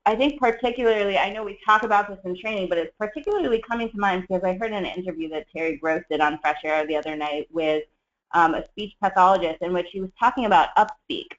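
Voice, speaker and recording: A trainer teaching a skills webinar in a measured, explanatory way, with frequent fillers. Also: medium pitch. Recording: dull lo-fi webinar audio.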